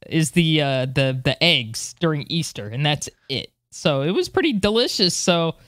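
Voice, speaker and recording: A woman's voice: low-pitched, very animated, normal speed, fairly bright tone, dry recording, studio quality. An American woman co-hosting a podcast in casual chat, self-deprecating and full of fillers. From United States. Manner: chatty, self-deprecating, lots of fillers and laughs. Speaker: podcast co-host.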